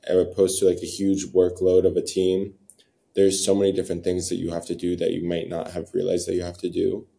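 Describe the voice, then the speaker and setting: A man guest lays out his points in a plain, matter-of-fact way. His voice is very low and dark, with little rise and fall. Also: monotone, fairly quick, creaky. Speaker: business co-founder, guest. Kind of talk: casual interview talk.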